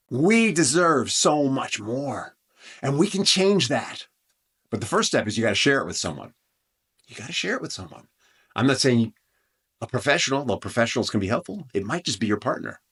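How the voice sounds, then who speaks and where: A man's voice: medium pitch, a bit bright, husky. A man hosting a relationship advice podcast, talking in an earnest, conversational way with frequent restarts and asides. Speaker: podcast host.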